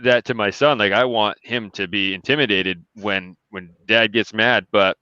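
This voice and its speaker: A man hosting a casual chat, telling a quick story with laughs and loose asides. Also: lowish voice, steady tone, pushed and bright, smooth, no echo, lo-fi sound. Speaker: podcast host.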